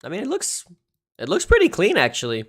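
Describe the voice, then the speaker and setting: A man's voice: high voice, huge pitch swings, a little fast. A young man hosting a livestream, talking casually about crypto charts and often saying "dude" and "um". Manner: casual, swears often, says "dude" and "um" a lot.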